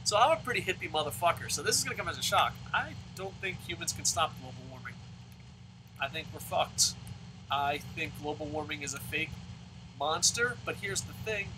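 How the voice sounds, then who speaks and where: A man ranting profanely as he plays a baseball video game, with loud outbursts. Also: a little high, animated, fairly quick, background noise. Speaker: let's play host. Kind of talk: profane gaming commentary rant.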